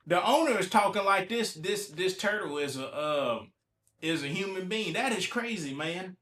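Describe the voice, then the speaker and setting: A man's voice: high-pitched, animated, moderate pace, sharp tone, echoey room. A man from Ohio hosting a casual solo podcast while a little under the weather, chatting loosely and repeating himself as he reacts to news headlines. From Ohio, USA. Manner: colloquial, repeats himself, talks back to headlines. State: a little sick. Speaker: podcast host.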